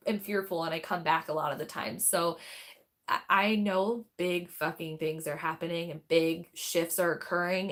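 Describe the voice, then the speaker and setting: A woman's voice: on the low side, a bit bright. A woman hosting a tarot livestream, chatting casually and candidly, rambling and swearing freely as she responds to viewers. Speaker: tarot reader and livestream host.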